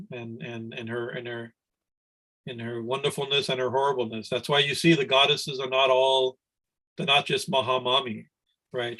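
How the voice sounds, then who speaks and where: A man's voice: medium pitch, pushed and bright, poor audio. Conversational man giving a spiritual discourse. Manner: rambling, conversational, frequent "right?" and restarts. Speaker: swami teaching scripture class. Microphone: video call.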